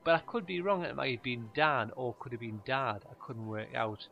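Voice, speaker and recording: Gravelly deadpan man doing stand-up. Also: medium pitch, normal speed, highs cut off. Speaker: stand-up comedian. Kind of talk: stand-up monologue.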